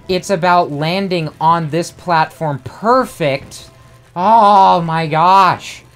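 Excitable young man ranting over gameplay. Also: high voice. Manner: excitable, frustrated, self-mocking rants. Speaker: gamer. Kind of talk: let's play commentary. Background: faint game music.

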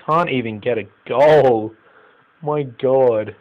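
An excitable young Australian man doing live commentary over a football manager game. His voice sits at an ordinary pitch, drops to grumbling mutters, then bursts into loud, swearing outcries. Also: takes it slowly, lo-fi sound. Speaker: gaming YouTuber.

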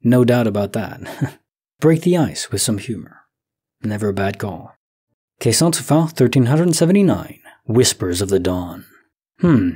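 Calm guy in his 30s thinking out loud, soft and slow, kinda breathy mellow voice. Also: lowish voice. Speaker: sleep story narrator. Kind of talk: calm musing commentary on listener stories.

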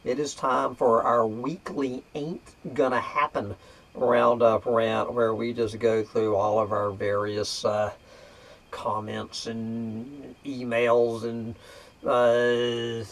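A man talks casually and slowly to his viewers, full of fillers and restarts. His pitch sits in an ordinary middle range. When his computer acts up, he breaks into profane, exasperated outbursts. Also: level tone, creaky. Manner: drawling, hesitant with many fillers. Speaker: vlog host. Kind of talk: casual rant to camera.

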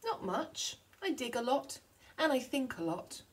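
A woman's voice: high-pitched, sing-song, unhurried, voice pushed up. A woman voicing a meek little boy wombat. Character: lost little male wombat, slow and thoughtful.

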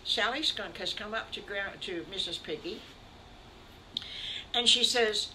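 An older woman telling a made-up story to children, animated and talking straight to the boys and girls. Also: medium pitch, measured pace, long pauses, a little hiss or hum, low-quality recording. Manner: warm, animated, addresses children.

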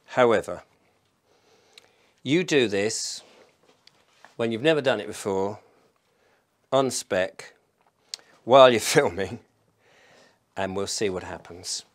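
English guy fumbling through baking on his vlog, lowish voice, self-mocking and chatty, mic in a kitchen. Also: takes it slowly, pauses often. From England. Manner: self-deprecating, chatty, thinking aloud. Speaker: vlogger. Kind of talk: casual cooking vlog. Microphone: microphone in a room.

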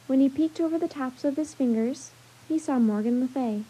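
A woman's voice: sits high, moderate pace, warm tone, breathy edge, poor audio. Woman reading a children's book aloud. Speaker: storyteller.

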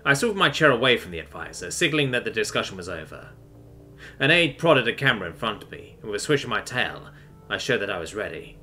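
A man's voice: fairly low pitch, big pitch swings, fast, bright, forceful tone, soft background music. A man narrating a sci-fi story in a tense, dramatic reading.

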